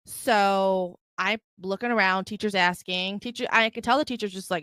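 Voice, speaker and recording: Brash, bright-voiced young woman ranting. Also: medium pitch, fast, hardly any pauses, clear, resonant tone, no room sound. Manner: profane, animated storytelling with mocking quoted voices. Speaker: podcast host. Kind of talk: unfiltered solo podcast rant.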